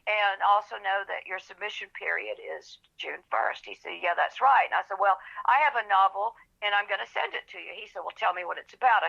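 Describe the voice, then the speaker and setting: A woman tells her story with feeling and acts out every voice in it. Her voice is bright and carries a gravelly edge. The audio sounds dull and lo-fi, like a remote recording. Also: mid-range voice. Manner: animated storyteller, acts out quoted voices, gets emotional. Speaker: author, podcast guest. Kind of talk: storytelling in an interview.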